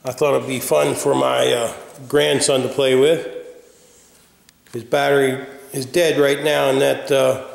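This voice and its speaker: Gruff older man ranting, gravelly. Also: mid-range voice, flat delivery, unhurried. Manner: gruff, ranting and blunt, given to cursing. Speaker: hobby drone reviewer. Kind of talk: casual video review rant. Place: garage. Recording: echoey room with long reverb.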